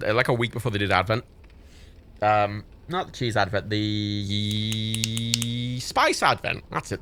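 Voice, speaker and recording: A man rambling through a casual livestream chat, full of swearing and laughter. His voice leaps wildly in pitch and has a gravelly texture. It also carries a bright, tense edge.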